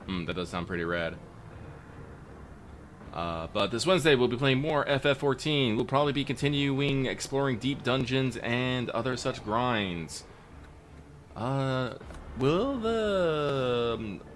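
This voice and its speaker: A man's voice: medium pitch, expressive, measured pace, slight background noise. A man hosting a casual let's-play stream, joking loosely and swearing freely as he plays and signs off. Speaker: streamer and show host.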